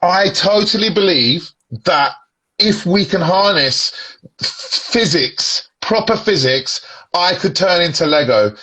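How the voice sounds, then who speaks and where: A man's voice: sits high, expressive, takes it slowly, sharp tone. A man joining a casual livestream chat over a video call as the guest, playful and laid-back, trading jokey banter.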